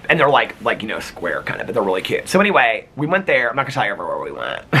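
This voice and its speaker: A man's voice: medium pitch, huge pitch swings, fast talker, bright, forceful tone, a little hiss or hum. A man vlogging casually to camera, telling a chatty, gossipy story full of "like" and quoted dialogue.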